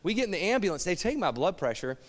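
Middle-aged guy preaching, wry joking storyteller, bit high voice, long hall echo. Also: big pitch swings, fast. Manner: wry, self-mocking storyteller. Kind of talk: storytelling sermon.

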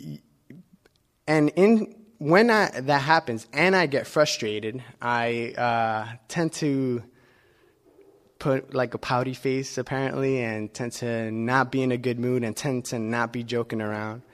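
A man preaching in a relaxed, conversational way, at a middling pitch. He talks to his listeners as if chatting, breaking up his sentences with pauses, fillers and small restarts. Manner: relaxed and personal, with many filler pauses and self-corrections. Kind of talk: conversational sermon.

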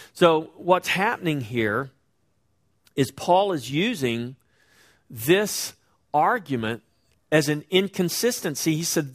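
A middle-aged man preaches a Bible-teaching sermon in an easy, conversational voice that sits a little higher than most men's. He slows down and leans on single words when he wants the congregation to notice them. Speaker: pastor.

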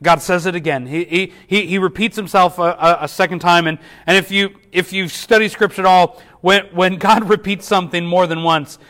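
A man's voice: high voice, fairly even intonation, normal speed, few pauses. A man preaching a sermon as a pastor, earnest, often repeating words as he restarts. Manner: earnest, repeats words at restarts, drops softly for quoted whispers.

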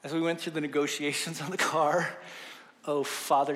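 Fervent high-voiced male pastor preaching. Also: little pitch movement, a little hiss or hum. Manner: swings from hushed and slow to loud and fervent. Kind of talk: sermon. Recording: long hall reverb.

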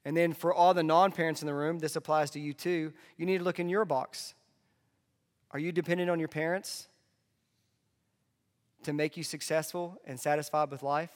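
A man delivering a conversational sermon as a pastor, dropping into soft asides. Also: a little high, fairly even intonation, moderate pace, long pauses. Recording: long hall reverb.

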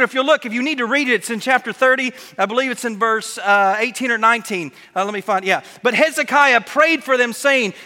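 High bright preacher guy, animated sermon, lots of hall echo. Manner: animated preaching, acts out quoted voices. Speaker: pastor. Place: church sanctuary.

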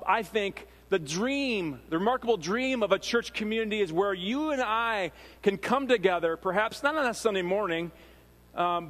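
A man from Minnesota with a Minnesotan accent, preaching a sermon in a conversational, animated storytelling way with frequent fillers and restarts. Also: high voice. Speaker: pastor. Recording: long reverb of a large hall.

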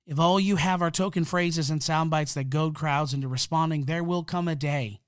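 A man's voice: on the high side, clear, resonant tone, no room sound. A man hosting a podcast, delivering a fired-up, emphatic, preacherly monologue into a close mic. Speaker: podcast host.

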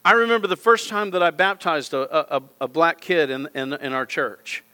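Bright, high-voiced impassioned male preacher. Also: moderate pace, clean tone. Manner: impassioned, repetitive preaching with direct appeals. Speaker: pastor. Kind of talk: sermon. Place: church auditorium.

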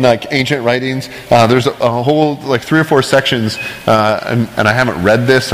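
A man's voice: medium pitch, a bit bright, in a large hall, poor audio. A male pastor preaching a casual, conversational sermon with chatty, self-deprecating asides and frequent "right?" checks.

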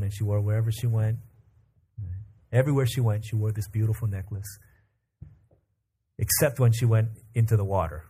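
A pastor delivering a sermon, a man with a fairly low, mellow voice. He tells a family story calmly, slipping into the lines of the people in it, then moves into leading prayer. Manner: calm storyteller who acts out family dialogue.

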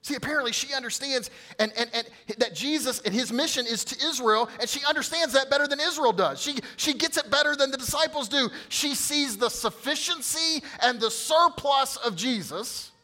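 A man preaches a sermon in a high, bright voice. He talks straight to the congregation and prods them to respond. He climbs to loud emphatic peaks, then drops to hushed asides. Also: moderate pace, hardly any pauses. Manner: addresses the congregation directly, coaxing responses. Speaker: pastor.

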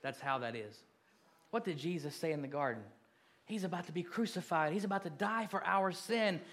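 A male pastor preaching a sermon, steady and direct, building from quiet reflection to loud calls to the congregation. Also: a little high, brisk.

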